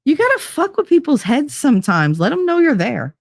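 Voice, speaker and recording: A woman's voice: high-pitched, wildly swooping pitch, fairly quick, gravelly, dry recording, clean studio sound. A woman hosting a livestream talk show, chatting casually and reading viewer comments, blunt, swearing freely and laughing easily.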